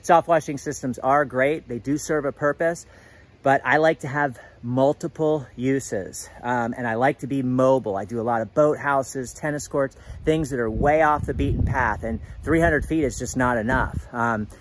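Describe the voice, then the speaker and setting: A man's voice: medium pitch, normal speed, slight background noise. A man who runs a pressure washing business, talking casually with lots of ums and uhs while he walks around a house and films it. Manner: filming himself while walking around a house; chatty, plain-spoken, many ums and uhs. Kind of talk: casual walkthrough vlog. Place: outdoors at a house.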